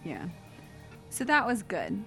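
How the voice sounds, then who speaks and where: A woman's voice: medium pitch, huge pitch swings, slow, vocal fry, a bit bright, faint music behind. A woman co-hosting a podcast, chatting casually and teasing her co-host with lots of fillers and laughs. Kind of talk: casual chat.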